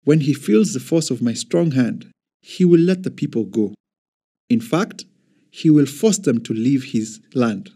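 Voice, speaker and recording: A man reading the words of God in a steady, solemn, measured way. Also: medium pitch, slightly rough. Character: calm mighty male God speaking.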